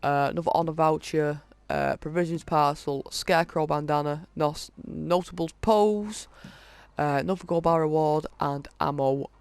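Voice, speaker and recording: A man hosting a gaming video, casually reading through a list of in-game items with many halting fillers. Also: on the high side, fairly even intonation, creaky, clean tone, no room sound. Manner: reads off item lists, halting with frequent fillers. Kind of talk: casual game walkthrough commentary.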